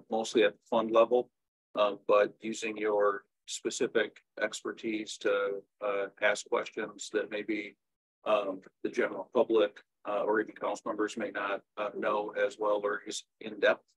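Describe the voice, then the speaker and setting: Low, flat-voiced man briefing staff. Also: moderate pace, slightly rough, low-quality recording. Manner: steady, frequent "uh" fillers. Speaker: city staff member. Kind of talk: briefing a commission. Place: city meeting room.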